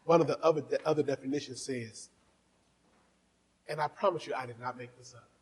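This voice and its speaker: A male pastor preaching a fervent sermon, dropping to soft asides and then rising to shouting as he urges on the congregation. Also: mid-range voice, a little fast, breathy edge, poor audio. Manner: exhorting the congregation.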